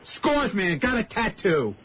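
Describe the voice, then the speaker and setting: A man's voice: sits high, huge pitch swings, takes it slowly, heavily acted. A man playing a boastful, drunken party-guy alter ego, ranting and cursing on a prank phone call. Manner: ranting, shouting, profane. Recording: dull clip played on radio with hiss.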